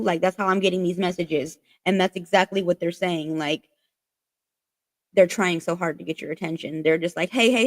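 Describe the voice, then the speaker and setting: A woman's voice: medium pitch, no echo. Woman, card reader, casual and profane, filler-heavy delivery, mid-range voice, dry recording. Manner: chatty, swears freely, heavy use of "like". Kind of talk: casual spiritual card reading.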